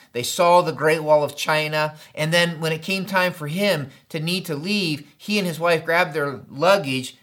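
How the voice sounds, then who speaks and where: Middle-aged male pastor, slightly higher voice, relaxed chatty sermon delivery, tells stories. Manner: conversational, storytelling with acted quotes and frequent "right?".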